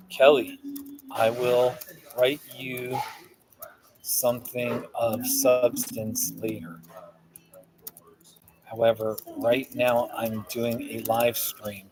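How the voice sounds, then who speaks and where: A man's voice: mid-range voice, background noise. A man hosting a casual livestream from a cafe, rambling and answering viewer comments aloud. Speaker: livestream host. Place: Starbucks cafe, indoors. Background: cafe music.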